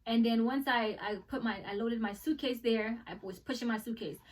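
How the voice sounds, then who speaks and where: A young American woman telling a travel story in a casual vlog, animated and acting out the people she met. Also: on the high side, a little fast, distant mic. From United States. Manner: animated, acts out voices in the story. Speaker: travel vlogger.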